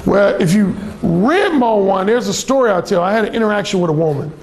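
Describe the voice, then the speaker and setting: A man's voice: high-pitched, animated, brisk, gravelly, darkish tone. A man giving a live talk to a small audience, telling stories bluntly and with profanity, and acting out other people's lines. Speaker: dating coach giving a talk. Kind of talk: live seminar storytelling to a room.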